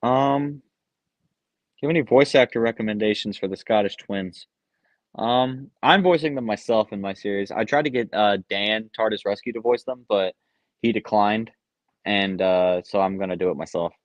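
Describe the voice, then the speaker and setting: Streaming live from his home basement, a young man reads out chat questions and tosses off answers full of ums and uhs. He speaks in a fairly low voice, captured dry, with a dull lo-fi sound overall.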